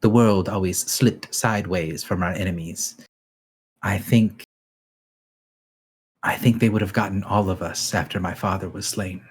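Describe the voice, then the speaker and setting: A man voicing a calm goblinkin woman. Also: low-pitched, slightly rough. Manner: calm, measured, formal speech. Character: composed shapeshifting goblinkin woman.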